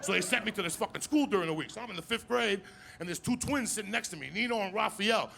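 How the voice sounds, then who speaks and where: A man doing a crude stand-up set, telling stories loudly and asking the crowd "you understand me?" again and again. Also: sits high, gravelly. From New Jersey. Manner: crude, loud, rapid storytelling, repeating "you understand me?". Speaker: stand-up comedian. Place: live comedy stage with audience. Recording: live stage mic with crowd noise.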